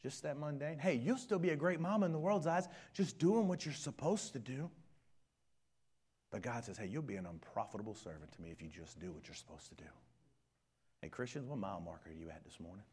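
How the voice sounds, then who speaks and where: Impassioned preacher with wild dynamics. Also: male voice, mid-range voice, lively intonation, brisk, breathy edge. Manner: swings from hushed whispers to shouted peaks. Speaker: pastor. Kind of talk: sermon.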